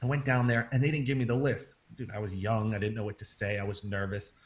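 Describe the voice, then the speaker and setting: A man from Fall River, Massachusetts, telling his story in a casual interview, lively and often calling the host "man". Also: lowish voice, quick pace, echoey room.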